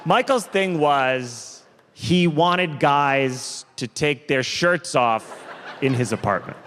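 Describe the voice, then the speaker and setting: A man performing a stand-up comedy set on stage, telling stories deliberately and drawn out, with quick asides. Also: a little high, animated, a bit bright. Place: large theater stage. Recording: live comedy hall with long reverb, faint crowd noise.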